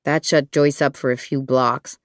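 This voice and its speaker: An audiobook narrator reading a thriller in an even, measured storytelling manner. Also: mid-range voice, creaky, no echo, studio quality.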